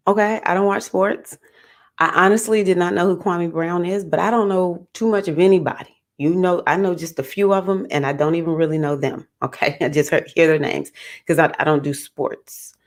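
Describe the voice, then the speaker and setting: A woman hosting a casual astrology livestream, talking in an animated, playful way and laughing often. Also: fairly low pitch. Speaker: astrologer, host.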